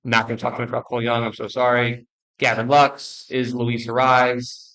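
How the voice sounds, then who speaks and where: A young man ranking baseball players in casual commentary, blunt and joking, rambling with restarts and quick apologies. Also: medium pitch, monotone, a bit bright, poor audio. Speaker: baseball video creator.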